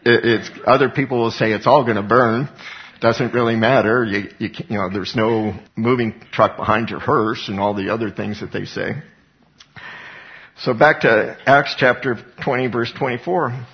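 A man's voice: mid-range voice, moderate pace. A man preaching in an earnest, chatty Bible-teaching style, often restarting his sentences. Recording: dull lo-fi sound.

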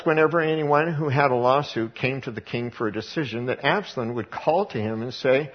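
A man's voice: a little high, husky, dull audio. A male preacher reading scripture aloud and then explaining it in casual everyday words. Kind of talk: verse-by-verse sermon.

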